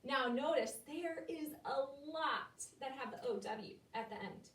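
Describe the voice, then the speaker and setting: A woman teaching a phonics lesson to young children, slowly sounding out words in a patient way. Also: sits high, a bit bright. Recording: echoey room from far off.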